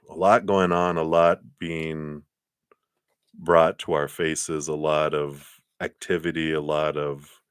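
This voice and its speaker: A man giving live tarot readings in a gentle, meandering way, with many fillers and soft laughs. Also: low-pitched, no echo, clean studio sound. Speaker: tarot card reader.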